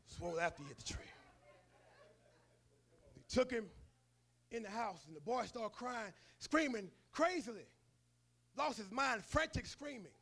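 A man's voice: extremely high pitch, lively intonation, measured pace, pauses often, a bit bright. A male preacher giving a sermon in a colloquial, storytelling manner.

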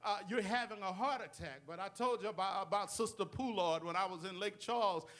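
A male pastor preaching in a call-and-response style, dropping amens and putting rhetorical questions to the congregation. His voice is strikingly high and bright, with a forceful ring. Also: fairly quick. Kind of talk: sermon.

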